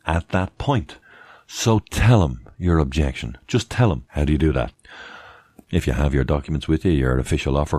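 A man's voice: a bass voice, darkish tone, dry recording, clean studio sound. A man talking through legal advice in a casual, emphatic monologue, repeating points and adding mocking asides. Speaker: presenter giving legal advice.

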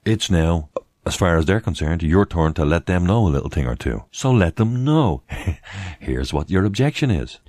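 Man with a very deep, dry-recorded voice; emphatic casual explainer with mocking asides. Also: big pitch swings, moderate pace, a little mellow, dry recording. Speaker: presenter giving legal advice. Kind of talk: casual instructional monologue.

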